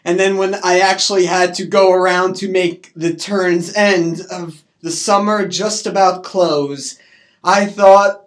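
A man rambling through an absurd comic monologue, swinging from mumbles to yells. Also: high-pitched, fairly even intonation, unhurried.

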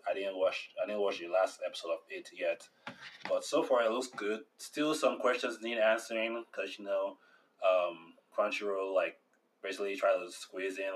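Deep-voiced man, relaxed and hesitant. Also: distant mic, rough recording. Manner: relaxed, hesitant, many fillers. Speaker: podcast co-host. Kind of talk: casual chat.

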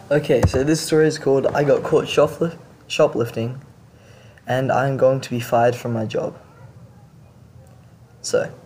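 A man's voice: mid-range voice, vocal fry, warm tone, a little hiss or hum. A man hosting a show, reading confession stories aloud and reacting to them in blunt, casual talk with some swearing. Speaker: podcast host reading stories.

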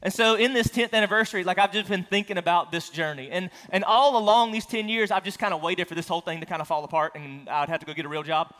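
A man's voice: high voice, fairly even intonation, quick pace, hardly any pauses, bright, forceful tone. A man preaching a sermon as a pastor, telling a personal story in a casual, self-deprecating way in front of his church. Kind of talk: conversational sermon. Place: church sanctuary. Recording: long hall reverb.

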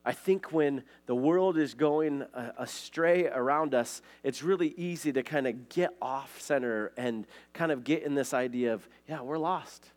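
A man's voice: medium pitch, a little slow, hardly any pauses, darkish tone. A man from Montana, preaching a conversational sermon and telling stories in a casual way, often saying "like" and "right?". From Montana, USA. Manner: casual storytelling, frequent "like" and "right?". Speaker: pastor.

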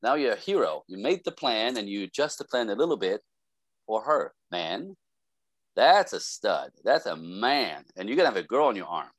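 Man, relationship expert guest, animated storyteller, acts out the quotes, very lively pitch, dry close sound. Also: normal speed, no room sound. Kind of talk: casual podcast conversation.

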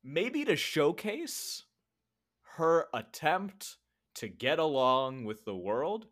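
A man's voice: fairly high pitch, sing-song, slow, fairly bright tone. Rambling man chatting about a film. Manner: rambling, retells scenes with quoted voices. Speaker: podcast co-host. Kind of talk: casual film discussion.

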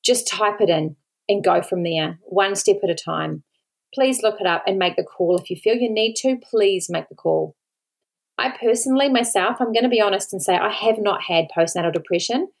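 A woman's voice: mid-range voice, moderate pace, vocal fry. An Australian woman, a podcast host and mother, talking earnestly and pleadingly to listeners, near tears, repeating words for emphasis. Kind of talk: solo podcast talk.

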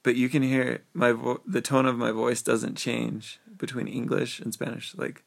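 Easygoing young man with a gravelly voice. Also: mid-range voice, level tone, normal speed, hardly any pauses. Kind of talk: casual chat.

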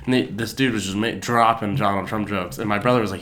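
A man's voice: lowish voice, fairly even intonation, quick pace, fairly bright tone. A man talking casually in a podcast chat, rambling and swearing freely as he tells stories. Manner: rambling, swears freely, acts out quoted people.

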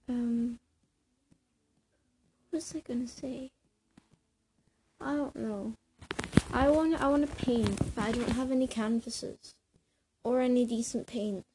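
A young woman rambling in a casual vlog, hyper and scattered, full of fillers and restarts, a little out of breath, sitting on her bed. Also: on the high side. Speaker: vlogger. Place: bedroom, sitting on a creaky bed. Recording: noisy home recording.

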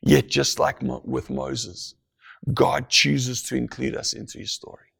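Male preacher, husky, unhurried delivery, hushes down for emphasis. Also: medium pitch, little pitch movement. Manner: slow, deliberate, drops to a hush for emphasis. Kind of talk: sermon.

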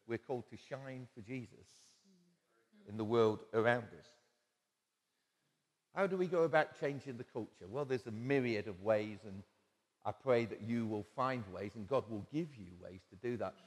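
A man's voice: medium pitch, normal speed, a little mellow. A man preaching a sermon in a church, telling stories conversationally with quoted asides and chuckles. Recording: long church-hall reverb.

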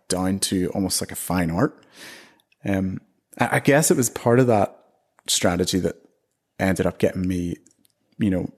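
A man's voice: deep voice, darkish tone, husky. A man in his thirties from Northern Ireland with a Northern Irish accent, chatting casually as an interview guest and laughing often.

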